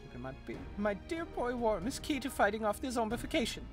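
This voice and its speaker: A man's voice: extremely high pitch, big pitch swings, fast talker, soft background music. A man voicing a flamboyant older noblewoman who fusses over her son in a grand, theatrical way. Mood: fussing.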